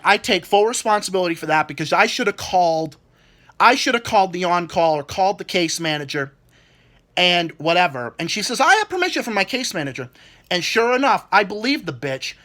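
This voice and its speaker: Here the same kind of angry rant comes from a man in his twenties, a vlogger whose voice sits high with a sharp edge. He curses throughout as he complains about people at work, stumbling on words he repeats.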